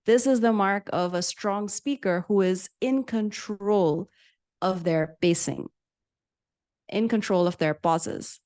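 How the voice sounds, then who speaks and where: Female speaking coach leading a group session, engaging, changes pace and pauses for effect. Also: medium pitch. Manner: lively, demonstrates pauses and pace changes, reads out participants' answers.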